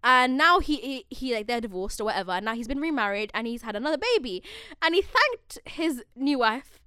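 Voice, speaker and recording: A young woman co-hosting a casual pop-culture chat, expressive and slangy, laughing often. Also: a little high, brisk, clean tone, no echo, studio quality. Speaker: podcast co-host.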